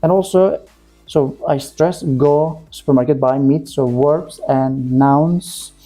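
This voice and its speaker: Dark-voiced man teaching pronunciation. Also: medium pitch, soft background music. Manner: repeats example words slowly to demonstrate sounds; simple, direct phrasing with plain corrections. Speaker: English teacher. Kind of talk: pronunciation lesson.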